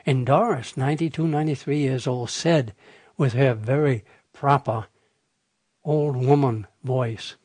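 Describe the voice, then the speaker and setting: A man's voice: medium pitch, normal speed, mellow, dry recording. An older man hosting a radio program, telling folksy, rambling anecdotes in a chatty way. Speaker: radio host. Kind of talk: casual storytelling on radio.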